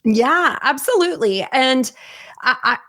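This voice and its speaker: A woman's voice: high voice, animated, a little slow, bright, forceful tone. An American woman speaking as a guest on a podcast, enthusiastic and effusive. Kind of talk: podcast interview.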